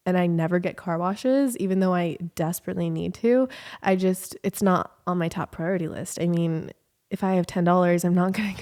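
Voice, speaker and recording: A young woman from California, telling a rambling story in a casual vlog, animated and full of fillers. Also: medium pitch. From Southern California. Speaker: vlogger.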